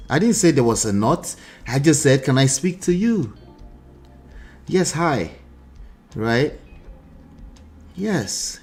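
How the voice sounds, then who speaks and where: A man hosting a live stream, reacting to a video and picking apart every word with rhetorical questions. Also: medium pitch. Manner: animated, picks apart words, rhetorical questions.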